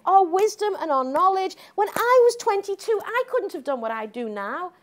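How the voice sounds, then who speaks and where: A woman's voice: very high voice, big pitch swings, normal speed. A middle-aged woman giving a public lecture, emphatic and combative, tagging her points with questions to the audience. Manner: emphatic, combative, frequent "okay?" tags.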